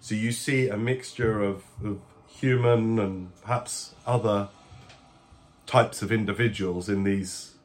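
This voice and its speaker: A man narrating as the game master of a family tabletop game, describing scenes in a measured way. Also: lowish voice, steady tone.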